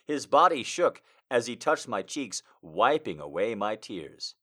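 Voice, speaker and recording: A man's voice: mid-range voice, sing-song, unhurried, hardly any pauses, a bit bright. A man reading amateur fiction aloud for laughs, mock-dramatic and sarcastic, with crude swearing asides. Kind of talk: comedic reading with mocking asides.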